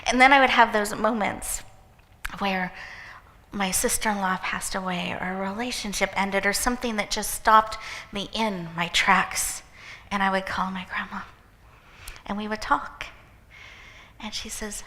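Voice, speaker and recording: A woman hosting an event, giving an inspirational talk with a gentle, encouraging guided visualization. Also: mid-range voice, fairly even intonation, unhurried, pauses often. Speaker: event host and speaker. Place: event hall with live audience. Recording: echoey hall reverb.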